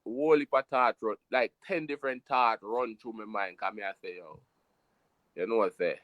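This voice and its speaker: A man's voice: on the low side, moderate pace, no echo. Jamaican man telling a story, dry sound. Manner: animated, emphatic patois storytelling. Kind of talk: casual storytelling chat.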